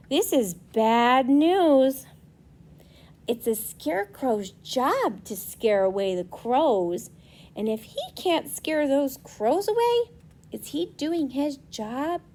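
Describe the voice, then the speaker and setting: A young woman, a preschool teacher, reading a storybook aloud to children and gently asking them questions. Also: on the high side.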